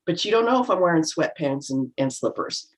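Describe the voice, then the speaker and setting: A woman's voice: deep voice, brisk. Reflective middle-aged woman on a video call. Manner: reflective, acts out quoted remarks in lively voices. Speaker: panel guest. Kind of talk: casual chat.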